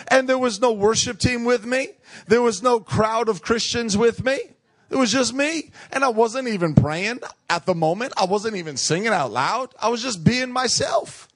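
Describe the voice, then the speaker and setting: A man's voice: very high-pitched, lively intonation, normal speed, fairly bright tone. A man preaching a sermon, emphatic and repeating phrases for effect, calling on the congregation to respond. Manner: calls on the crowd to respond.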